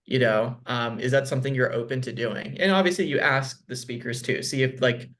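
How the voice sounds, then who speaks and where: A man's voice: medium pitch, brisk, a bit bright. A man on a video call, talking business as a guest in a loose, conversational way with lots of fillers. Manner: conversational, frequent "like" and "um". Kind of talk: casual video call chat.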